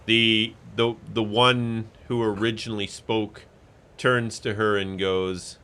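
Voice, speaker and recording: A man's voice: lowish voice, level tone, takes it slowly, bright, forceful tone, clear, resonant tone. A man narrating a tabletop game as game master in a loose, chatty way.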